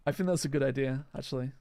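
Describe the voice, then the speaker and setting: A gaming video creator chats casually during live gameplay, his medium-pitched voice gravelly and somewhat dark. He rambles, answers viewers' comments, and keeps restarting his sentences.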